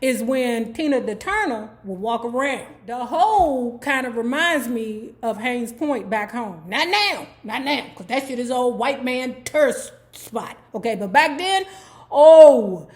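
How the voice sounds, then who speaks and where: A woman's voice: fairly high pitch, expressive, unhurried, few pauses. A woman from Washington, D.C. hosting a book club vlog, casually retelling a life story with candid, profane asides and frequent "okay?" check-ins.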